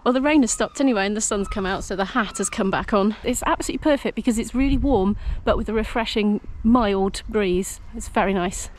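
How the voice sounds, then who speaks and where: A woman's voice: a little high, darkish tone. A woman narrating a casual travel vlog while touring a castle, curious and lightly humorous. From Britain. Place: outdoors and inside a stone castle.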